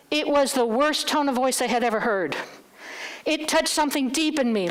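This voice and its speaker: A middle-aged woman speaking at a church, telling a candid personal story and acting out the dialogue. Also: sits high. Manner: candid, animated, acts out dialogue.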